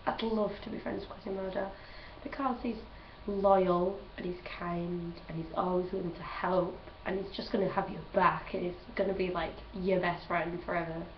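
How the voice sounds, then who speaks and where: A woman's voice: fairly low pitch, fairly even intonation, normal speed, few pauses, slight background noise. Gushing young woman, roomy distant sound. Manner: gushing, chatty, laughs often. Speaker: vlogger. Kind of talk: casual chat. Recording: roomy, distant, dull home recording.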